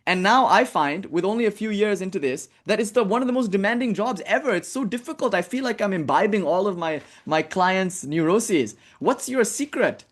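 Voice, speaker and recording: A man's voice: sits high, expressive, brisk, hardly any pauses, pitched above the performer's own voice. A man voicing a frazzled, exhausted young male psychiatrist who pleads in exasperation. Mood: exasperated.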